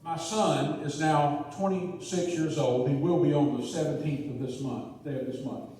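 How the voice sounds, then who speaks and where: A middle-aged man from South Carolina gives an after-dinner comedy speech in a chatty, storytelling manner. His voice sits fairly high. He speaks into a microphone through a PA system, and the sound rings with long reverb, heard from far off in a large hall. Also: steady tone, normal speed, a little mellow. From South Carolina, USA. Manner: storytelling, chatty, punchline-driven. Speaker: humorist speaker. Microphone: handheld microphone through PA.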